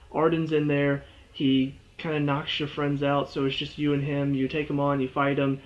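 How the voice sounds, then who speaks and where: A man giving a casual video game review, rambling and correcting himself as he goes, chuckling often. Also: mid-range voice. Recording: dull lo-fi sound.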